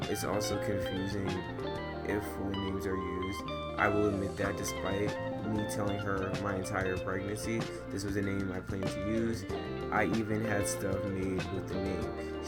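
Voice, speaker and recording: A man reading online stories aloud while playing a game, breaking into loud, profane, animated rants. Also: lowish voice. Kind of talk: casual gaming commentary with rants. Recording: gameplay music behind the voice.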